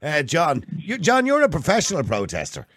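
An Irish man hosting a talk show, animated and emphatic, often cutting in to steer the panel. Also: fairly high pitch, moderate pace. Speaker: host.

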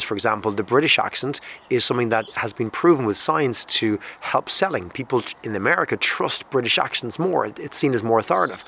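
An Irish man who runs a company, explaining his views quickly and confidently in an interview. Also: medium pitch, vocal fry, sharp tone, slight background noise. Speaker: company CEO. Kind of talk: expert interview.

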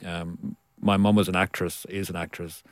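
Low-voiced man telling stories. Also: level tone, normal speed, no room sound, studio quality. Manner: self-deprecating storyteller, laughs often. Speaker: author guest. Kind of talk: casual interview chat.

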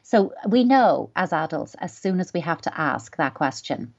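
A woman, a parenting expert, answers a listener's question in a thoughtful, reassuring, measured way. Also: low-pitched, big pitch swings, creaky, a little mellow, muffled recording.

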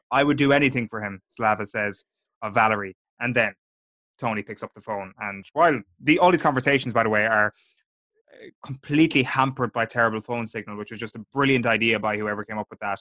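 A man's voice: lowish voice, steady tone, fairly quick, sharp tone, no echo. A man hosting a casual podcast, recapping a TV episode scene by scene and quoting the characters. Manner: chatty, recounts scenes, quotes characters.

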